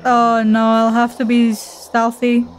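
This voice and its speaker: A woman's voice: a little high, monotone, takes it slowly, a little hiss or hum. A woman giving casual let's-play commentary, swearing and venting in an exasperated, mock-dramatic way. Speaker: gameplay streamer.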